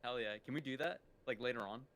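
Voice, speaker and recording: A man's voice: medium pitch, quick pace, noisy background. A man co-hosting a podcast in casual chat, upbeat and encouraging, laughing a lot. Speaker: podcast co-host and stream moderator.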